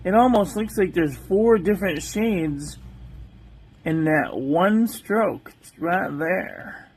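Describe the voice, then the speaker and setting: A woman hosting a calligraphy channel, methodically reviewing ink on one paper after another in a calm, soft-spoken voice. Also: fairly low pitch, slow pace, breathy edge.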